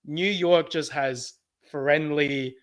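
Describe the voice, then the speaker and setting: A young Australian man co-hosting a podcast, telling stories in a giggly, animated way. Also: on the high side, slow pace. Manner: giggly, animated storytelling with frequent laughs. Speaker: podcast co-host. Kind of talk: casual chat.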